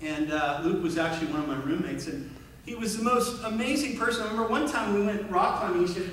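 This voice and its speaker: A man's voice: high voice, fast talker, a bit bright, far from the mic, slight background noise. A man giving a storytelling memorial speech at a school reunion, acting out voices and joking about himself. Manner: storytelling, acts out voices, self-mocking humor. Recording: very echoey hall, voice from afar.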